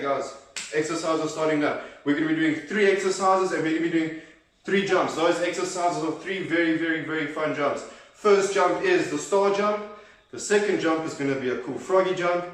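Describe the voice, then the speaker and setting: A man's voice: a little high, fairly bright tone. A man leading a children's workout, cheerfully encouraging and counting reps aloud, sometimes out of breath. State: out of breath at times. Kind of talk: leading a kids' exercise class. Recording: very echoey room, voice from a distance.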